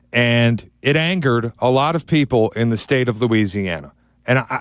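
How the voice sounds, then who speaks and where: A man hosting a sports radio show, chatting in an animated, joking way. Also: medium pitch, no echo. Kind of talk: casual sports talk.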